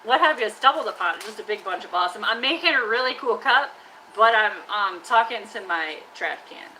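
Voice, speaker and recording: Lady live streaming from her workshop, bright sharp voice, kinda high, joking around and bossing her trash can. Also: animated, fairly quick, a little hiss or hum, rough recording. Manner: chatty, teasing, scolds her trash can like a pal. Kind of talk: casual live-stream chat. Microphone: live-stream camera mic.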